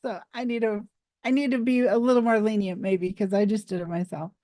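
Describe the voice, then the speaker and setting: A woman coaching public speaking, talking to camera in a playful, animated way and laughing at herself now and then. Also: mid-range voice, brisk, no room sound, studio quality. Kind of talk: instructional talk to camera.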